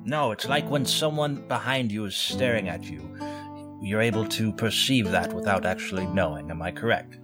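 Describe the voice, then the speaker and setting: A man's voice: fairly low pitch, moderate pace, loud music behind the voice. A man playing a tabletop game, speaking in character with courteous, formal phrasing. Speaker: player. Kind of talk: in-character tabletop role-play.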